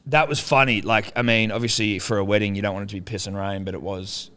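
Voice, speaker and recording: In a lowish, clear, resonant voice at a quick pace, a young man co-hosting a laid-back podcast tells a story. He swears constantly and performs the quoted lines with animation.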